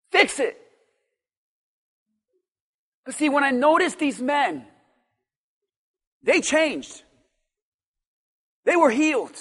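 High-voiced pastor preaching with big reverb. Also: male voice. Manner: emphatic preaching that swings from quiet to shouted; repeats phrases for stress. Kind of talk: sermon.

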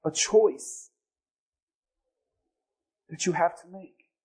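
A man preaching a sermon as pastor, telling stories animatedly and swinging between loud bursts and hushed lines. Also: high voice, very slow, slightly rough.

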